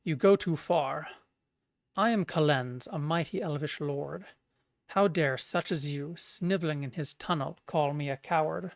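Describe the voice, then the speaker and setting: Haughty elvish lord, indignant, slow delivery, dry sound, streamer-voiced. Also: mid-range voice, gravelly, no room sound. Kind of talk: reading game dialogue aloud.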